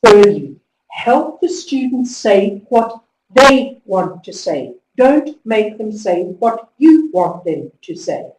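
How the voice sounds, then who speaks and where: A woman giving a conference talk to teachers, telling stories with lively emphasis and driving home instructions. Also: mid-range voice, slow. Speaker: conference speaker. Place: conference hall. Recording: echoey hall, distant mic.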